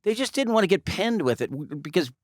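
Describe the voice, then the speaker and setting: A man hosting a podcast tells road stories with energy, jumping in quickly. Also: high-pitched, big pitch swings, no room sound, studio quality. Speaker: podcast host. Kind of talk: casual podcast storytelling.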